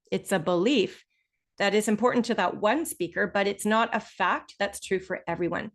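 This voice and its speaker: A woman instructor teaching a live test-prep webinar over a video call, explaining patiently and stressing key words with deliberate pauses. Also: medium pitch.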